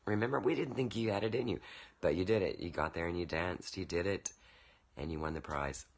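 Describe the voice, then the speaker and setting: A man's voice: low-pitched, a little fast. A man recording a casual birthday video message for a friend, telling rambling anecdotes with lots of fillers into a webcam.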